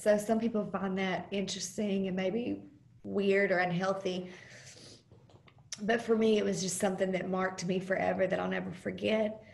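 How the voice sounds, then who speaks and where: A woman giving an earnest, halting personal testimony as a guest speaker over a video call, pausing often with fillers. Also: medium pitch, little pitch movement, vocal fry, a little mellow. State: close to tears at times. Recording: roomy video call audio.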